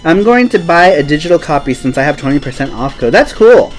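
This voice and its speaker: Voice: mid-range voice, very animated, brisk, faint music behind, rough recording. A live-stream host chatting casually with a co-host, teasing and joking while hopping between topics.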